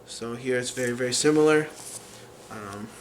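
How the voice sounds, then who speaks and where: A man explaining a language lesson in an unhurried way, pausing often with fillers as he works through examples. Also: medium pitch, slight background noise. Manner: unhurried, many fillers and restarts while explaining. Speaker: language teacher.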